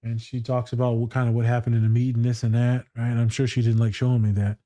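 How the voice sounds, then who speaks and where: A man with a dark, mellow voice talks loosely and swears freely, sliding into stories from his own life. He is recorded close and dry, with almost no room sound. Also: medium pitch, level tone, fast talker, dry recording, dull audio. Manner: profane, slangy, storytelling. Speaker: podcast co-host and school therapist. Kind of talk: casual chat reacting to a TV scene.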